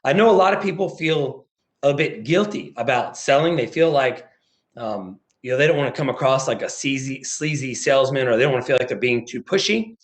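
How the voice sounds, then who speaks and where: An American man, a motivational speaker, giving a lively sales presentation over a video call and acting out phone conversations. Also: medium pitch, brisk. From United States. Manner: animated, acts out phone calls in quoted voices.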